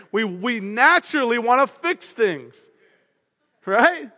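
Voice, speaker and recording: A man preaching a sermon as pastor, energetic and humorous in a conversational way. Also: high voice, normal speed. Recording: long hall reverb.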